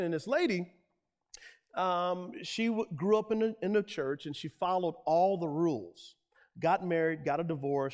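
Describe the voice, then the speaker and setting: A middle-aged male pastor preaching a sermon, telling stories and building to shouted climaxes. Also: on the high side. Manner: preaching with rising, shouted peaks.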